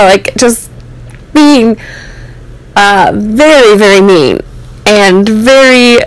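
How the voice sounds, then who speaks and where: Young american woman, mid-pitched voice, candid rambling storytelling, lots of fillers. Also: animated, slow pace, long pauses, rough recording. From United States. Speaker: host. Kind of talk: personal storytelling.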